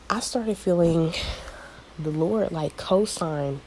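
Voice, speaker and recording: A woman's voice: fairly low pitch, moderate pace, a little mellow, a little hiss or hum, low-quality recording. A woman chatting casually to her viewers about a spiritual message, rambling and searching for words, with lots of fillers and calling them y'all. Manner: addresses listeners as y'all. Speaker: channel host giving a prophetic word. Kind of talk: casual spiritual vlog talk.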